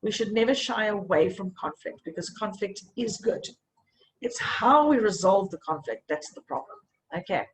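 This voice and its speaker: A woman's voice: mid-range voice, animated, moderate pace, slight background noise, poor audio. A woman coaching a group in a live online session, talking in an encouraging way and checking in often with "okay?".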